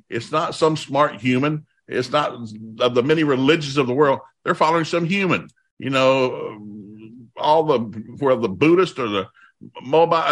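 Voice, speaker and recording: Bright-voiced man preaching animatedly. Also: medium pitch. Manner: animated preaching, reading scripture aloud, voicing complaints. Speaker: pastor. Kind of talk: sermon with scripture reading.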